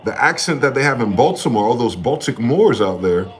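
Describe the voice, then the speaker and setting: A man's voice: mid-range voice, sing-song, brisk, faint music behind. A man giving a rambling, profane late-night monologue, full of repeated phrases and rhetorical questions, in a slangy casual way of talking. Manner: talks in a casual slangy way, says "y'all" and "bro". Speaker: solo streamer. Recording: clear background noise with passing vehicles.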